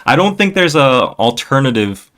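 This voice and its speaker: A man's voice: mid-range voice, big pitch swings, normal speed, fairly bright tone. Guy in his 30s from south korea hosting a podcast, super casual, says like and you know a ton. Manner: loose, chatty, heavy on fillers like "like" and "you know". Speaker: podcast host.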